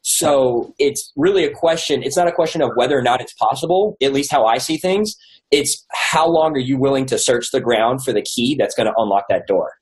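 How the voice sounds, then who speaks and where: Guy, author guest, chatty storyteller, filler-heavy, mid pitch. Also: fairly quick, poor audio. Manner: rambling with many likes and restarts. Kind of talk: casual storytelling interview.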